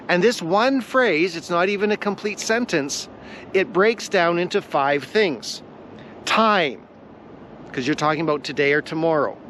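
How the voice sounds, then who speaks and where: A man teaching a devotional lesson on a vlog, earnest and deliberate, repeating his key phrases for weight. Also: high-pitched, fairly bright tone, slight background noise. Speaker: Bible teacher.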